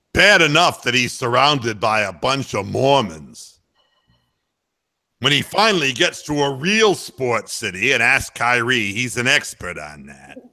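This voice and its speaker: A man's voice: mid-range voice, pushed and bright, heavily acted. A man doing a comic impression of a grumpy old male sports announcer, ranting with bitter, profane lament. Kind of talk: comic impression on talk radio.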